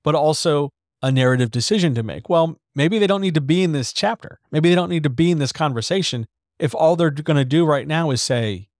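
A man's voice: a little high, darkish tone, no echo. Man, writing podcast host, casual and blunt, occasional swearing, hard consonants, dragged S's, dry close mic. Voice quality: drags his S's and hits D's and T's hard. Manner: candid, swears freely, brisk and conversational. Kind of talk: casual instructional chat about writing. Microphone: studio microphone.

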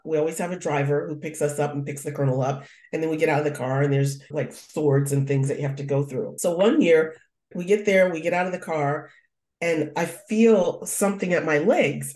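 Middle-aged woman from the US telling a funny family story, lowish voice, echoey room. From United States. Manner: animated storyteller, acts out her own thoughts. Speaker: guest. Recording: roomy echo.

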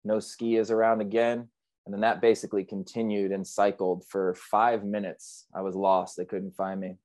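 A man's voice: on the low side, flat delivery, moderate pace, darkish tone, no room sound. A man, a surfer guest on an interview podcast, retelling a near-drowning in a vivid, earnest and reflective way. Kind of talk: emotional storytelling in an interview.

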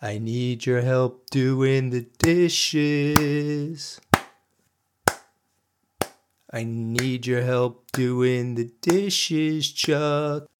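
A man voicing his wife, an adult woman who nags and taunts him with slow, sing-song repetition. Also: medium pitch, noisy background. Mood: taunting. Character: nagging wife, adult woman, sarcastic and persistent.

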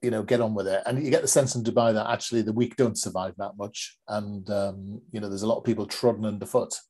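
A male podcast host with a low, mellow, slightly husky voice. He talks in a measured, reflective way and pauses on fillers while he questions his guest. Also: fairly even intonation. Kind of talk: conversational interview.

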